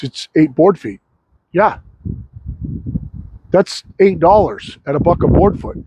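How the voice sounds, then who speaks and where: A man's voice: on the high side, darkish tone, slightly rough, rough recording. A sawmill owner talking casually and bluntly, rambling and swearing freely while he shows off his wood. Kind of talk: casual vlog talk. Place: outdoor log yard.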